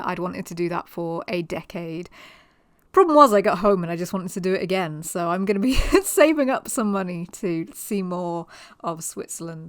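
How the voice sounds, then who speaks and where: Woman talking through her holiday vlog, kinda low voice, rambly and laughy. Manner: chatty and rambling, laughs often. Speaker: travel vlogger. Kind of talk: casual vlog narration.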